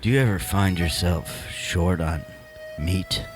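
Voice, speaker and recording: A man voicing a sultry male seducer selling steaks in a low, breathy half-whisper, with music playing behind. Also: takes it slowly. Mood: seductive.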